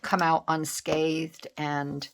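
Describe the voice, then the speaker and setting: A woman's voice: deep voice, little pitch movement, very slow, a little hiss or hum. Chatty middle-aged woman crafting on camera. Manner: chatty, rambling, with many fillers and restarts. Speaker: collage craft vlogger. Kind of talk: casual chat while crafting.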